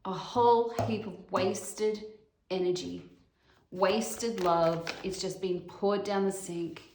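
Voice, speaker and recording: A woman doing a casual tarot reading, thinking aloud in a slow, musing way. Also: medium pitch, steady tone, darkish tone. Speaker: tarot reader. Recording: echoey room with clear background noise.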